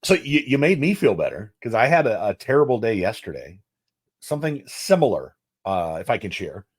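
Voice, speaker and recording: A man from Nebraska with a lowish voice tells a long story in a rambling way and stops now and then to fix his own words. He co-hosts a casual podcast. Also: very animated, moderate pace, husky. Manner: rambling, stops to correct himself. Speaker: podcast co-host and food reviewer.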